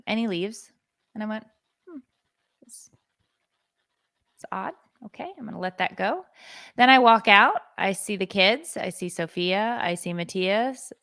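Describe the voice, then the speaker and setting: A woman's voice: medium pitch, unhurried, pauses often, dry recording, studio quality. A woman co-hosting a parenting podcast, telling a story in casual chat and acting out what others said. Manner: animated storytelling, acting out quoted voices. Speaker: podcast co-host.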